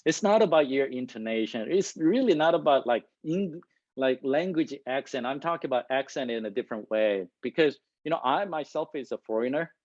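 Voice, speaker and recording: A man who speaks English as a second language, giving a lively, loud talk to a live and online audience, laughing often and asking the room "right?". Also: medium pitch, a little fast, no echo. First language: not English. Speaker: guest speaker. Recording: dull lo-fi recording.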